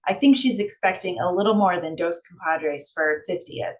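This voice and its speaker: A woman's voice: fairly low pitch, moderate pace, close to an everyday voice, low-quality recording. A woman reading the lines of a sarcastic young woman in a story example. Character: sarcastic young woman, anxious to please her mother.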